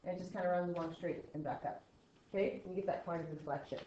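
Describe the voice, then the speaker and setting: A woman's voice: on the low side, fast talker, slight background noise. Woman teaching math in an echoey classroom. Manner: counts out loud, trailing off quietly, checks with "right?". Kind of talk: classroom lecture. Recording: roomy classroom sound, slightly dull.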